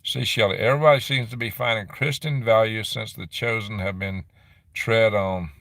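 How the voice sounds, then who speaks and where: In a lowish, steady voice with vocal fry and a fairly bright tone, a middle-aged man hosts a casual livestream from a dim room on his property. He's chatty and rambling, reading viewer comments and tossing off quick laughs. There's no echo.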